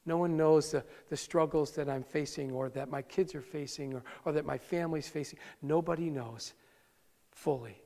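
A man's voice: on the high side, normal speed, gravelly, mellow. A man preaching a sermon as pastor, earnest and conversational, talking straight to his congregation. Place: church sanctuary. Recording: long reverb of a large hall.

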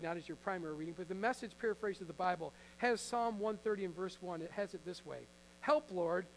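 A pastor preaching a sermon to a live congregation in an earnest, conversational way, sometimes acting out Bible figures. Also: male voice, high voice, gravelly, fairly bright tone, slight background noise, rough recording. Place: church before a congregation.

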